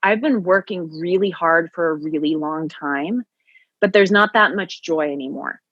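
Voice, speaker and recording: A woman's voice: fairly low pitch, normal speed, no echo, dull audio. A woman who teaches yoga and Pilates, telling her story earnestly as a podcast guest. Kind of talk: conversational podcast interview.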